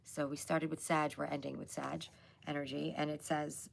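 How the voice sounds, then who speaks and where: A woman hosting a casual live tarot reading, chatty and loose with lots of fillers, hoarse as she loses her voice. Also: deep voice, flat delivery, normal speed. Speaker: psychic tarot reader hosting a live stream.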